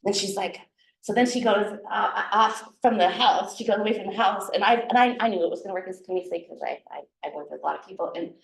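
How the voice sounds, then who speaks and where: She talks fast in a mid-range voice with vocal fry, far from the mic in an echoey room at a guild meeting. The speaker, an herbalist teacher from Minnesota, keeps her talk to the guild audience casual and chatty, laughing often and frequently restarting.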